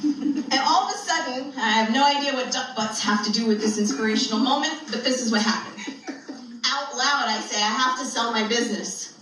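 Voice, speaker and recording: A woman's voice: fairly high pitch, a little fast, bright, forceful tone, slight background noise. A woman telling a funny spiritual story in a chatty style, laughing often between lines. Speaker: spiritual speaker. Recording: very echoey room, distant mic.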